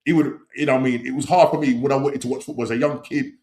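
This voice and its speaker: Host: middle-aged man, chatty and rambling, mid-pitched, breaks into excited shouts. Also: very fast. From England. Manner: rambling, full of "you know what I mean", excited outbursts. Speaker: podcast host. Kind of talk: casual live-stream chat.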